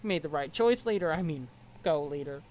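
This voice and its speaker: A woman's voice: sits low, lively intonation, fairly quick, darkish tone, a little hiss or hum, low-quality recording. A woman doing a pushy troll girl in a put-on Southern accent. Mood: gushing. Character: scheming teen troll girl, pushy and chatty.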